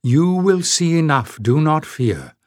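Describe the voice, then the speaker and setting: A man voicing a calm, solemn woman guide who speaks slowly and in a measured way in an audiobook reading. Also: a little high, no room sound, clean studio sound, voice pushed up. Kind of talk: audiobook character voice.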